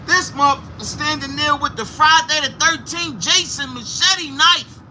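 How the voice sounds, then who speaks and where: High-voiced man telling a story from his car. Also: normal speed, low-quality recording. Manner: animated, profane retelling with sound effects. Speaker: livestream host. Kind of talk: casual storytelling. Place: inside a vehicle while driving. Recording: car noise in background.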